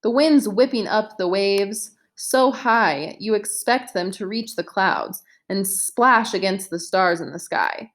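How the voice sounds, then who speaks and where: Woman narrator, unhurried audiobook read, mid-range voice, gentle character shifts. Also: medium pitch. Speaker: narrator reading a modern retelling of a play.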